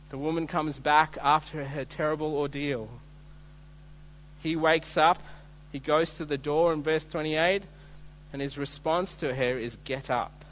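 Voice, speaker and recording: A man's voice: fairly high pitch, a bit bright, slight background noise, poor audio. A man preaching an earnest, emphatic sermon, acting out quoted voices as he retells a scripture passage.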